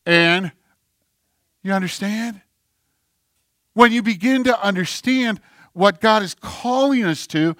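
A male pastor preaching a sermon, animated, swinging between forceful delivery and near whispers. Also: sits high, no echo, clean studio sound.

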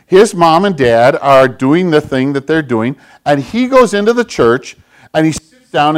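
A man giving a children's sermon as pastor, in a gentle, conversational way, often clearing his throat. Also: a little high.

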